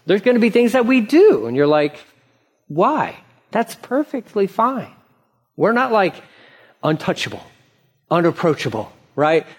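A male pastor delivers a relaxed, conversational sermon with a slightly raised pitch. His voice has a husky edge. He keeps the talk lively by voicing the characters and tossing in quick asides to the congregation. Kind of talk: casual expository sermon. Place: church sanctuary.

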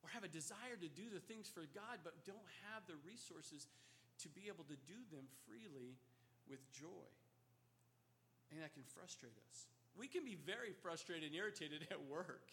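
A man preaching a sermon as pastor, earnest, dropping to soft low asides and rising for emphasis. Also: animated, moderate pace, a little hiss or hum.

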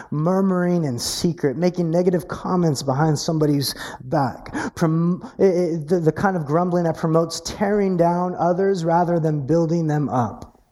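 A man preaching a sermon, animated and earnest, often stammering over repeated words as he builds emphasis. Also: a little high. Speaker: pastor.

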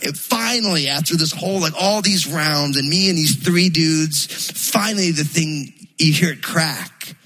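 A pastor from New Jersey preaching a sermon, telling a story in a loose, chatty way full of fillers. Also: male voice, fairly high pitch, normal speed, few pauses, bright, forceful tone, husky, poor audio.

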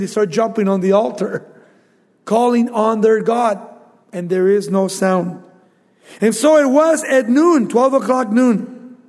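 A man preaching a Bible sermon as an animated storyteller who acts out the quotes. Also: sits high, in a large hall. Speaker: pastor.

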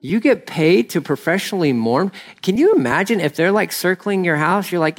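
Animated male preacher, slightly high voice. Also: normal speed, hardly any pauses. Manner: animated, acts out voices of the story, rambling asides. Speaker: pastor. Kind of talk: sermon.

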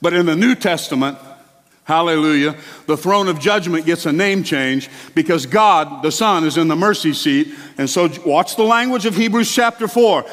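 A male pastor delivering a sermon in a church, animated and exclamatory, with chatty asides to the congregation. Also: on the high side, normal speed. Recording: long hall reverb.

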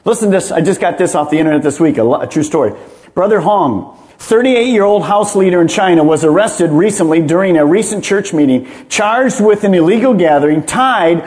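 A man's voice: high voice, animated, moderate pace, a little mellow. A man, a pastor, preaching a sermon with emphatic rhetorical questions.

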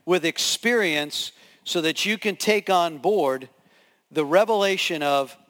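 A man preaching as a pastor, telling a story with lively acted-out scenes and voices. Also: a little high, a little slow. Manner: animated, acts out scenes with voices. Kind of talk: sermon storytelling. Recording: long hall reverb.

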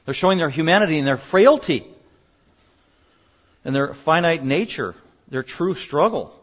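Male pastor, sermon delivery, emphatic with loud peaks, slightly higher voice, muffled lo-fi recording. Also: expressive, normal speed. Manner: emphatic, rising to loud bursts on key points. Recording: dull lo-fi sound.

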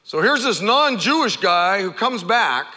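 Pastor, male, high bright voice, animated storyteller, big reverberant church. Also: unhurried. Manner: animated storytelling, acting out the characters' shouts. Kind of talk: sermon.

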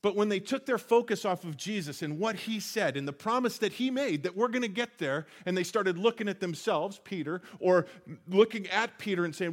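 A man delivering a sermon in a slightly raised voice. He retells scripture as a lively story, earnest and conversational, often restarting his phrases. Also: sits high, normal speed, few pauses. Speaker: pastor.

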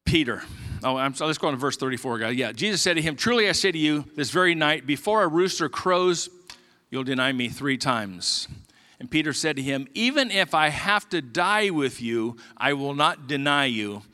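Bright-voiced pastor preaching conversationally. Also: male voice, expressive, brisk. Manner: conversational, drops low and quiet for emotional parts. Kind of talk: sermon. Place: church sanctuary.

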